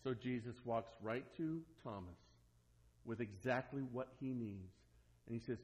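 A man preaching a sermon as pastor, swinging between loud emphatic lines and hushed, quiet asides. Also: mid-range voice, a little slow, dull audio.

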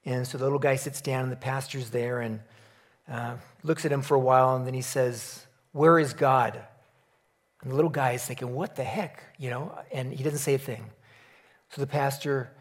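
A man giving a sermon in a relaxed storytelling manner, opening with a joke before turning earnest and reflective. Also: mid-range voice. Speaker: preacher.

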